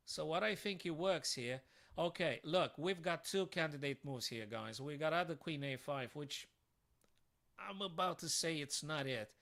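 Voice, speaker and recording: A man's voice: on the high side, animated, measured pace, fairly bright tone. A man streaming live chess puzzles, thinking aloud to his viewers and breaking into sudden frustrated outbursts.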